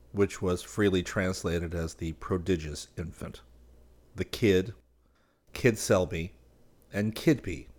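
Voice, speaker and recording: Deep-voiced male audiobook narrator. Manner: voices characters by raising pitch and volume. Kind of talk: scripted narration.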